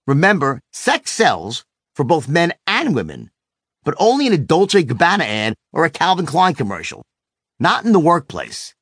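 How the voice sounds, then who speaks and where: Animated, emphatic male trainer narrating. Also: on the high side, moderate pace, slightly rough, no room sound, studio quality. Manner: emphatic, storytelling, punchy. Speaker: sales and communication trainer. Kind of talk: scripted narration of a self-help book.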